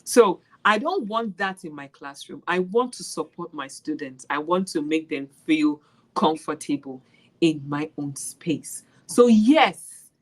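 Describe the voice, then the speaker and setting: A Nigerian woman speaks in a casual interview, her voice sitting a little low. She tells classroom stories in an animated way and laughs easily as she goes. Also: measured pace, low-quality recording. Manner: animated storyteller, laughs while retelling classroom moments. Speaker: special education maths teacher.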